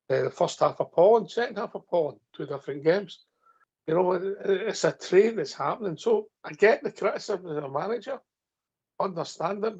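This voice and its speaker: Scottish man, husky voice, slightly high, easygoing phone-in chat. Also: darkish tone. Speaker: phone-in co-host. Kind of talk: casual football phone-in chat. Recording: dull lo-fi audio.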